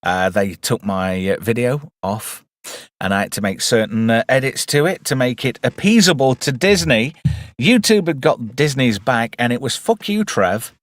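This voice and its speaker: A man talks through a film in a loose, irreverent ramble, cursing freely. His voice sits at an ordinary middle pitch. The sound is dry and close, with no room echo. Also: animated, normal speed. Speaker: movie reviewer. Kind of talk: casual film commentary.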